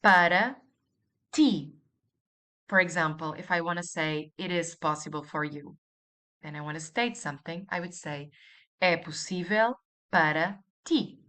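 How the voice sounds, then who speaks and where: A woman's voice: fairly low pitch, unhurried, a bit bright. A woman teaching a language lesson, patiently repeating each example and asking the listener to say it after her.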